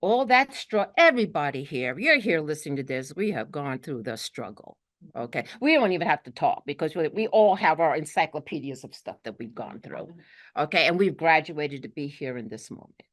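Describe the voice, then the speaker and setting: A Brooklyn-accented woman from New York, a spiritual teacher, gives an earnest talk to a group in a low, sing-song voice at a fairly quick clip. She often checks in with "okay" and acts out the quotes she shares.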